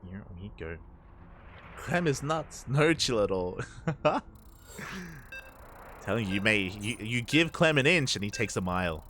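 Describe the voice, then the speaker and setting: A man's voice: on the low side, animated, unhurried, long pauses, pushed and bright, slight background noise. An Australian man casting a live esports match, chatty and loose, laughing often between play-by-play. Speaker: esports caster.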